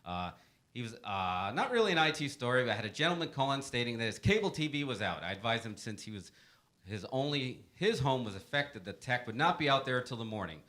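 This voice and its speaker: Upbeat male webcast host, lively pitch, bright tone, playful storyteller. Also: fairly quick. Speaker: webcast segment host reading help desk stories. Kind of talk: casual storytelling to a panel.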